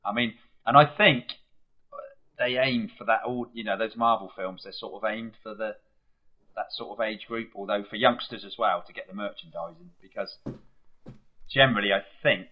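A man's voice: on the low side, fairly even intonation, normal speed, slightly rough, lo-fi sound. A man in a casual chat, asking questions and trailing off with tag questions.

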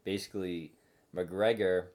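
A man's voice: sits low, steady tone, measured pace, darkish tone. A young man in casual conversation, laughing often and swearing freely in loose, slangy talk. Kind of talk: casual chat.

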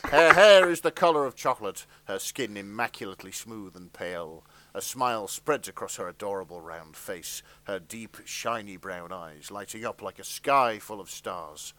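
A man narrating a comic fanfic reading in a deadpan, dry way. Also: fairly low pitch, moderate pace, hardly any pauses, a little hiss or hum.

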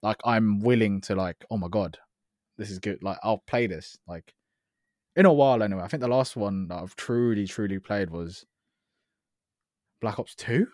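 Young man, slangy gamer chat, low-ish, dry. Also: moderate pace, pauses often, a little mellow, dry recording. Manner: chatty, enthusiastic, slangy. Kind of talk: casual gaming chat.

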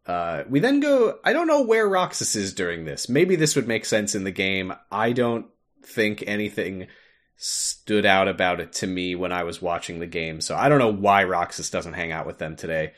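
A man's voice: low voice, normal speed. Laughing young man recapping a game. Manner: animated storytelling, laughs often, acts out lines. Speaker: podcast co-host. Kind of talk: casual chat recapping a game.

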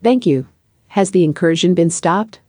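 A man's voice: high voice, moderate pace, warm tone, dry recording, studio quality, pitched above the performer's own voice. A man voicing a curt automated phone system that answers in clipped, repetitive, polite phrases. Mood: mechanical.

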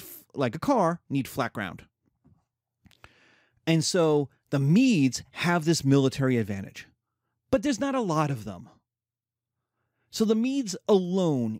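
Brief: male history lecturer, animated, a bit high, acts out characters. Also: no echo, clean studio sound. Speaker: history teacher.

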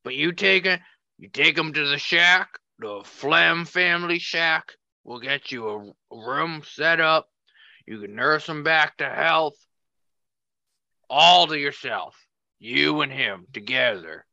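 Guy putting on a gravelly old swamp hillbilly, sly folksy drawl, dull lo-fi sound. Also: a little high, takes it slowly, sharp tone, no echo, full character voice. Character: scheming old backwoods swamp hillbilly man.

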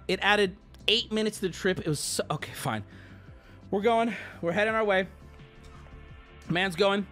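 A man's voice: extremely high pitch, bright, forceful tone. A man livestreaming, telling a story to his chat in an exaggerated way, swearing and laughing as he goes. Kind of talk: animated storytelling to a live chat.

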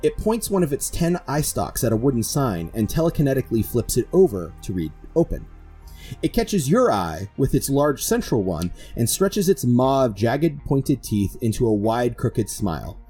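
A man with a mellow, slightly husky voice narrates a tabletop adventure as game master. His storytelling is measured and descriptive, and his pitch rises and falls with lively movement. Soft music plays faintly behind him. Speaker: dungeon master.

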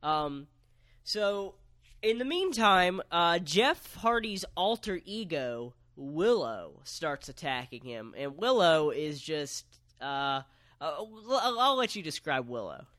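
A man co-hosting a podcast, recapping a story in relaxed casual chat with lots of fillers. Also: on the high side, slow pace, dry recording. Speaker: podcast co-host.

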